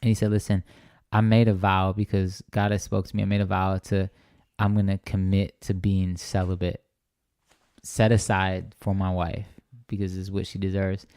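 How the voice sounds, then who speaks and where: A man's voice: low-pitched, flat delivery, normal speed, darkish tone, clear, resonant tone, dry recording, clean studio sound. A young man telling a personal faith story as an interview guest, earnest and rambling, often checking in with "right?". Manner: earnest, rambling with many restarts and "right?" tags. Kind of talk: conversational testimony.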